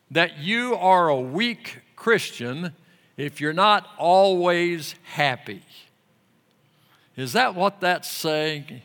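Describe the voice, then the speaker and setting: A man delivering a sermon, slowly and deliberately. His voice is bright and forceful and sits a little high. It carries a long reverb, like a sanctuary. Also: vocal fry. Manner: slow, emphatic scripture reading. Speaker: pastor.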